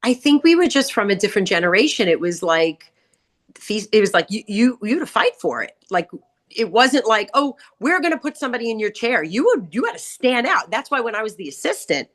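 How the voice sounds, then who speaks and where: Middle-aged woman, podcast guest; lively storyteller who swings her pitch wide to act out quotes. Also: brisk. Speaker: guest author, salon owner. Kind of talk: casual podcast chat.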